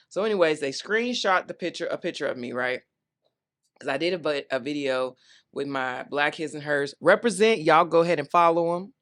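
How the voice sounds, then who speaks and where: A woman's voice: deep voice, fairly bright tone. A woman in her thirties hosting a talk show, talking candidly and playfully to her viewers. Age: 30s. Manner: candid, chatty, playful call-and-response. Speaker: host. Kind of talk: casual solo talk.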